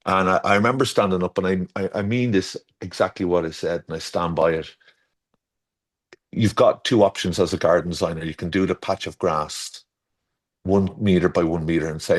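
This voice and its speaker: A middle-aged Irish man with a very low-pitched voice, chatting as a guest about his design work. He tells long, winding stories, doubling back on his words and jumping up in pitch whenever he acts out what someone said. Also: steady tone, moderate pace. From Ireland. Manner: rambling storyteller, restarts, acts out quotes with shifting pitch. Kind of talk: casual conversational interview.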